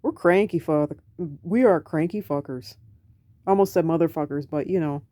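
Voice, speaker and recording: A woman's voice: sits low, moderate pace, mellow, no room sound. An American woman vlogging in a casual late-night monologue to camera, rambling, self-mocking and profane. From United States. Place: home at night.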